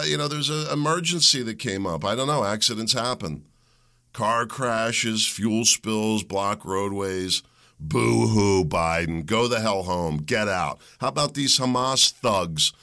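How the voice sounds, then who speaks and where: A middle-aged man, hosting a solo show and ranting in a heated, combative way that climbs into shouts. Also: mid-range voice, unhurried, vocal fry. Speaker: podcast host. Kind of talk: opinionated solo monologue.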